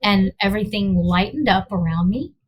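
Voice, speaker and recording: A woman's voice: mid-range voice, moderate pace. Rambling woman recounting a personal experience. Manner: rambling, searching for words, acts out her own reactions. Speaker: interview guest. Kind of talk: personal storytelling.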